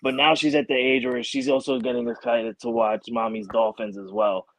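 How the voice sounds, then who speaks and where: A man's voice: medium pitch, flat delivery, normal speed, no room sound, rough recording. A man co-hosting a casual sports chat, blunt and mock-exasperated, swearing freely.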